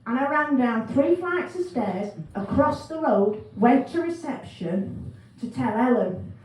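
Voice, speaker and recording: Derbyshire woman comic, high animated voice, chatty storyteller, echoey room, distant mic. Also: a little slow, a little hiss or hum. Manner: chatty, animated, acts out phone calls. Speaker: stand-up comedian. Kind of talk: stand-up storytelling. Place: pub function room, live gig.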